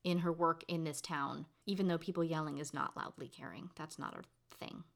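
A woman's voice: deep voice, normal speed, gravelly. A woman co-hosting a podcast in casual chat, upbeat and giggly, leading the segments. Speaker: podcast co-host.

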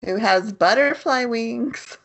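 A woman's voice: a little high, takes it slowly, vocal fry, fairly bright tone. A woman co-hosting a podcast in casual chat, recapping plots and laughing often. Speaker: podcast co-host.

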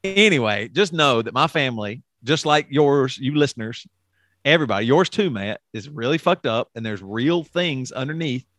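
A man's voice: medium pitch, expressive, normal speed, fairly bright tone, no room sound, clean studio sound. A middle-aged man co-hosting a podcast, talking frankly and at length in casual chat, swearing and restarting his sentences often. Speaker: podcast co-host.

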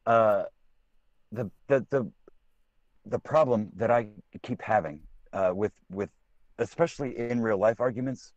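A man's voice: fairly low pitch, measured pace, dry recording, lo-fi sound. A man co-hosting a casual political podcast, blunt and profane, often restarting his sentences. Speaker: podcast co-host.

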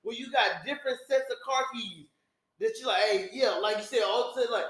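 Super high pitched dude talking fast and worked up, echoey room. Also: male voice, a bit bright. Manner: rapid, laughing, indignant storytelling. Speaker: podcast co-host. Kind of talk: casual chat. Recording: roomy echo.

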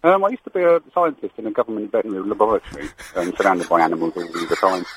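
A man's voice: deep voice, rapid-fire, a little hiss or hum, poor audio. A man calling in to a radio show, hesitant and full of ums, with a sheepish laugh. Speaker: radio caller. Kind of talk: phone-in call.

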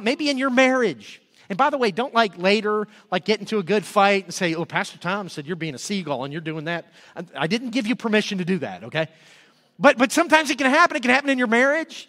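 A middle-aged man preaching with a light, high voice, telling stories in a loose, conversational way. His words ring out in a church with a long trailing reverb. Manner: casual storytelling with lively acted-out moments. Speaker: pastor. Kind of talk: sermon. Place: church sanctuary.

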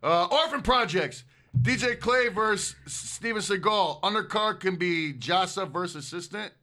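A man co-hosting a podcast, loud and profane, rambling through fan questions. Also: high-pitched, normal speed. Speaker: podcast co-host. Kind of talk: casual chat, reading fan questions.

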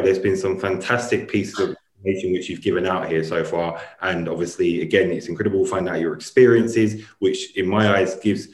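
A deep-voiced man hosts a podcast interview and asks long, winding questions full of hesitations. His voice carries a roomy echo. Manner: rambling, hesitant questions with fillers. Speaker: podcast host.

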